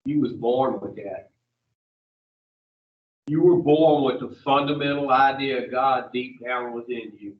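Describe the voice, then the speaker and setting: A mid-range male voice moves at a measured pace, leaving long pauses. He heads an addiction recovery group, teaching in a blunt, profane style and shooting questions at the group. A far-off mic captures the dull, echoing room.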